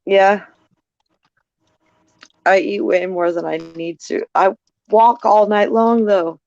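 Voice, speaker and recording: A woman talks on a video call, friendly and chatty. The audio is dry and close, with a dull lo-fi edge. Her pitch sits in an ordinary middle range. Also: slow pace, gravelly, darkish tone, no room sound. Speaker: caller on a livestream. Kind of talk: casual video-call chat.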